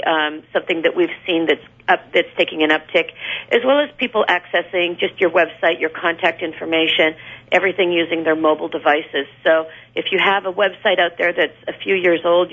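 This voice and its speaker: A woman guest on a radio show, explaining marketing with many fillers and a gravelly voice. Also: low voice. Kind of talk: radio interview answers. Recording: dull lo-fi radio recording.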